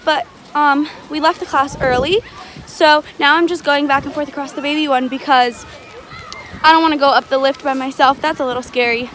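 A young woman talking to camera in a casual travel vlog, chatty and excitable, with lots of "um" and "like". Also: high-pitched, fairly quick, slight background noise. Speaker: vlogger.

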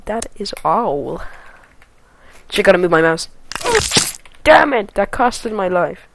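Excitable swearing woman yelling at a game. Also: on the low side, a little slow, noisy background. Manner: excitable, swears a lot, loud sudden yelps and shouts. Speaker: let's play gamer. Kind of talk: gameplay commentary.

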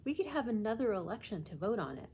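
A woman's voice: medium pitch, sing-song, fast, a little mellow, a little hiss or hum, pitched above the performer's own voice, close to an everyday voice. A woman voicing a thoughtful, earnest young schoolboy in a storybook.

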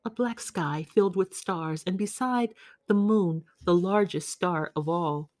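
Woman audiobook reader, measured literary narration, dry close mic. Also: lowish voice, a little mellow, no echo.

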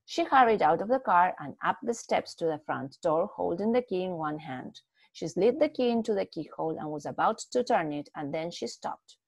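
A woman reading a short story aloud in a steady, expressive way, with a few small slips. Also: fairly low pitch, moderate pace, vocal fry, no room sound. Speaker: story reader.

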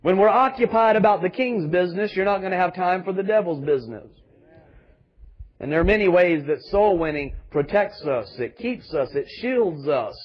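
High-voiced preaching man, lo-fi. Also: animated, normal speed. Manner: emphatic preaching with rhetorical questions. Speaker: pastor. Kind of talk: sermon.

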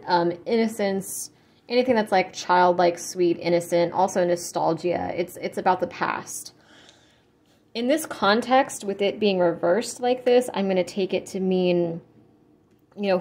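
A woman's voice: fairly low pitch, darkish tone. Chatty woman giving a casual tarot reading. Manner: chatty, filler-heavy, blunt with swearing. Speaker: tarot reader.

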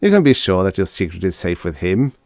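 A man voicing a brisk, confident businessman who talks cheerfully and assuredly. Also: low-pitched, big pitch swings, a little mellow, dry recording, studio quality.

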